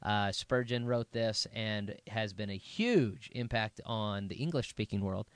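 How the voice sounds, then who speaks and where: Low-voiced easygoing pastor, dry sound. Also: male voice, a little slow, clean tone, no room sound. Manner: easygoing, jokey, restarts often. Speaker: pastor, podcast co-host. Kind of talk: casual conversation about books. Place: Las Vegas.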